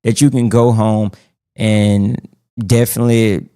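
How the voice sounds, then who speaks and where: Gravelly casual man co-hosting a faith podcast. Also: fairly low pitch, flat delivery, unhurried, mellow, dry recording, studio quality. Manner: casual, joking, hesitant with many fillers. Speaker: podcast co-host.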